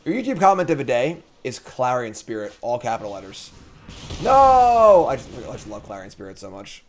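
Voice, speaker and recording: A man's voice: mid-range voice, quick pace, slight background noise. Chatty man thinking aloud over gameplay. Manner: thinking out loud, casual and chatty; jokey, reads chat comments aloud. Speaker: host of a card game stream. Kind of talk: live gameplay commentary.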